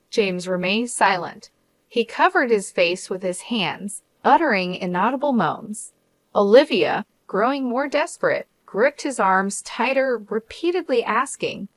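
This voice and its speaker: A woman reading a first-person drama story aloud in a measured, even narration. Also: mid-range voice, dry recording.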